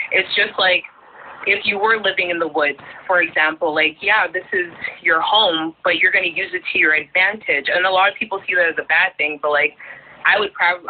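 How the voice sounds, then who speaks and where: A woman guest chatting casually about her plans, rambling with lots of filler words. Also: on the low side. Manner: rambling, filler-heavy talk with many "like"s. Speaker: guest, YouTuber. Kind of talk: casual chat. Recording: tinny phone line.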